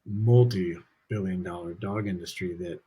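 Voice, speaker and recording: A man's voice: deep voice, measured pace, warm tone, husky. A middle-aged man, a dog trainer and podcast guest, talking in an earnest, reflective and candid way in casual conversation.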